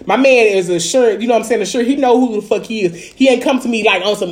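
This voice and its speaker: A woman with a Dallas accent vents in casual chat, her voice sitting fairly high. She talks bluntly and profanely, full of filler phrases, and gets heated. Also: brisk, hardly any pauses, a little mellow. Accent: Dallas, Texas.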